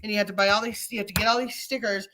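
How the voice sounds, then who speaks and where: A middle-aged woman telling stories in casual chat, acting out the quotes with lively energy. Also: medium pitch, rapid-fire, a little hiss or hum. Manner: animated storyteller, acts out quotes.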